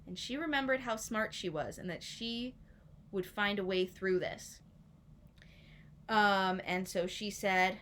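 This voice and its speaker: A woman telling a story to young children, playful and animated, inviting listeners to join in. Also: medium pitch, slow, slight background noise.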